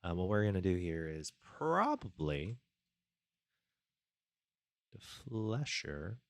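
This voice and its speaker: A man's voice: sits low, big pitch swings, slow, no echo. A man streaming his game development, thinking aloud as he codes and chatting casually with viewers on a close desk mic. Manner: thinking aloud while coding, muttering to himself; reads chat and thanks viewers casually. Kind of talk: live-stream coding chat.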